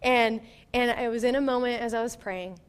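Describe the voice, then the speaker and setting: A middle-aged woman pastor giving a sermon in a conversational, animated way, with laughs and playful asides. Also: fairly high pitch, normal speed, clear, resonant tone, long reverb tail.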